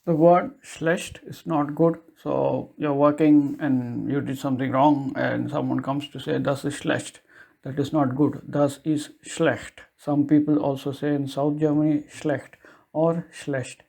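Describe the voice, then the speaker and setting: A man giving a casual language lesson, explaining simple German phrases in loose, chatty English and slowly repeating each phrase for the listener. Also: medium pitch, level tone, vocal fry, mellow.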